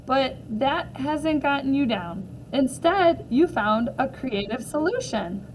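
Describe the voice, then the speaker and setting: A woman voicing a kind female schoolteacher who speaks gently and reassuringly. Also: high voice, expressive, slow pace, a little hiss or hum, poor audio. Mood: encouraging.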